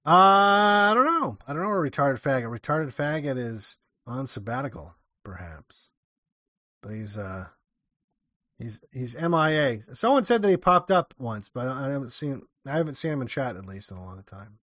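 A man's voice: mid-range voice, very animated, moderate pace, bright, forceful tone, no room sound. A man hosting a livestream and casually reading out viewer messages, talking in an offhand, rambling way. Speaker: livestream host. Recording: dull lo-fi dry sound.

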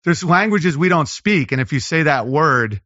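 A man, a comedian, talking casually as a podcast guest, rambling and riffing with quick impressions. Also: fairly high pitch, animated, fairly bright tone, no echo, lo-fi sound. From Los Angeles.

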